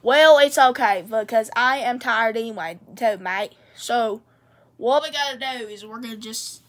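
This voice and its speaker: A woman's voice: on the high side, unhurried, natural voice. A woman playing the country Australia as a character in a playful home role-play, rambling and ending nearly every sentence with "mate". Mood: chatty.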